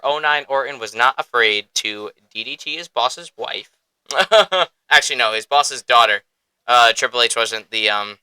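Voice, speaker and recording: Excitable man with a bright, crisp voice. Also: mid-range voice, dry recording, low-quality recording. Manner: excitable, profane, laughs often. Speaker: podcast host. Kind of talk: casual podcast chat.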